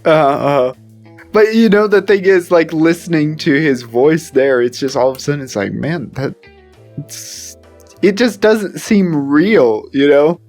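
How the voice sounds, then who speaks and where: Rambling podcast co-host, stumbling and laughing. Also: male voice, measured pace, a little mellow, faint music behind. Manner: rambling, stumbles and repeats words, laughs often; mimics voices in high squeals when retelling. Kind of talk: casual chat.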